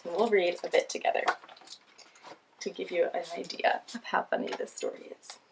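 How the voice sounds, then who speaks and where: A woman's voice: on the low side, normal speed, gravelly, noisy background. A woman hosting a children's show, reading picture books aloud in a cheerful, sing-song way with frequent laughs.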